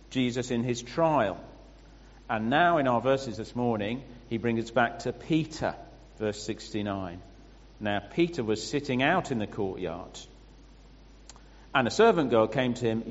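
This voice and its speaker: A man preaching a sermon, explaining scripture with pauses and restarts. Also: medium pitch, animated. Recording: muffled sound with long hall reverb.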